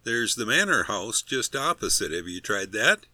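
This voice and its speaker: Man voicing a plain-spoken local giving directions, bright tone, audiobook. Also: lowish voice, very animated, moderate pace, dry recording, exaggerated voice. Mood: matter-of-fact.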